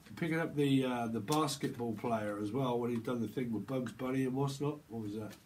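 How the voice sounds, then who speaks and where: A man's voice: medium pitch, a little fast, darkish tone, slight background noise. A man giving a rambling tarot reading to camera, playing with words and breaking into chuckles and silly voices. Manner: playful, free-associating wordplay. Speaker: tarot reader.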